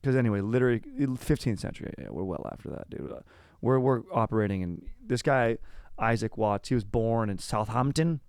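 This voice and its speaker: A young male podcast host with a lowish voice rambles loosely through a history chat. His talk is slangy and laid-back, full of "dude", and he keeps drifting sideways. The sound is dry and close, with no room echo. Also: lively intonation, a little fast, darkish tone. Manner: slangy and laid-back, says "dude" constantly, wanders off topic.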